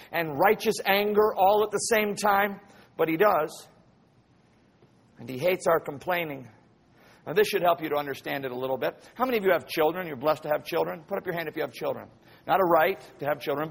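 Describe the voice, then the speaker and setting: A man's voice: on the high side, creaky, husky. A man preaching a sermon who tells stories vividly, acts out scenes and keeps asking his listeners questions. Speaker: pastor.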